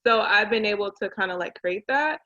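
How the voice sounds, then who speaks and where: Woman guest, 30s, animated storyteller; bright tone, slightly muffled recording. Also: mid-range voice, a little fast. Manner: animated storyteller acting out quotes. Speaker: guest, realtor and business owner. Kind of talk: casual conversation.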